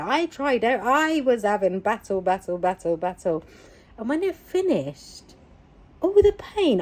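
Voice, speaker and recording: A woman, telling a personal story in a casual, emphatic way, repeating phrases for weight. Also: mid-range voice. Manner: emphatic, repetitive, animated retelling. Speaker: vlogger.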